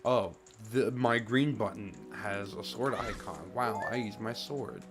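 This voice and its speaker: Man, low voice, game streamer, casual rambling commentary, thinking aloud, game music behind. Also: measured pace.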